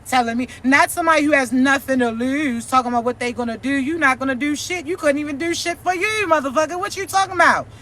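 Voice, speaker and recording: A woman's voice: sits high, quick pace, hardly any pauses, a bit bright. A woman giving a profane, preachy, mocking vlog rant as a spiritual content creator.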